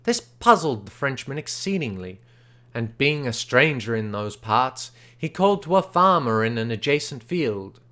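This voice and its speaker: A man reading an old short story aloud unrehearsed, with steady narration and occasional stumbles. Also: mid-range voice, normal speed. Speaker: reader.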